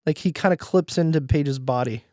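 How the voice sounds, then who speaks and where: A man's voice: a little high, normal speed, darkish tone, no echo. A man co-hosting a podcast, chiming in with dry, wry asides in casual chat. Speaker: podcast co-host.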